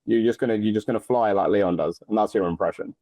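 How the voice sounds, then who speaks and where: Male podcast host, low voice, upbeat, teasing, chatty, dry sound. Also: fast talker, warm tone, dry recording. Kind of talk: casual interview chat.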